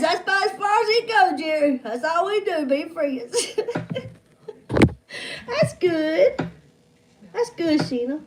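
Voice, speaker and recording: A woman's voice: very high voice, sing-song, takes it slowly, slight background noise. A woman in her fifties hosting a trivia livestream, chatting in a folksy way and greeting viewers by name, calling them hon and honey. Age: 50s.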